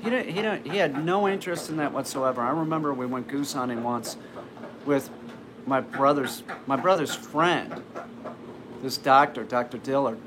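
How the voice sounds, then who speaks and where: A man's voice: mid-range voice, normal speed. A man casually telling a personal story, rambling with lots of restarts and fillers. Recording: noisy background ambience.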